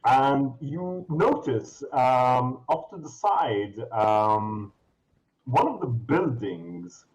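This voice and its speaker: A man's voice: mid-range voice, animated, extremely slow, a little mellow, low-quality recording. A man running a tabletop game as game master, describing the scene in a loose, rambling way full of ums and restarts.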